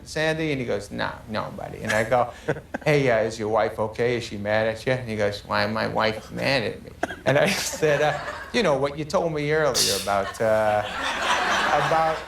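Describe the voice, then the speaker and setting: A man telling funny stories as a talk show guest, laughing and acting out what others said. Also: medium pitch. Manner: laughing storyteller, acts out quotes in funny voices. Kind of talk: casual anecdote telling. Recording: roomy and distant with audience noise.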